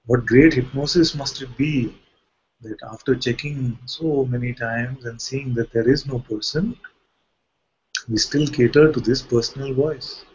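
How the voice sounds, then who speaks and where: A man's voice: mid-range voice, steady tone, unhurried, a little mellow, dull audio, a little hiss or hum. A man, a spiritual teacher, giving a playful, questioning satsang talk with light jokes.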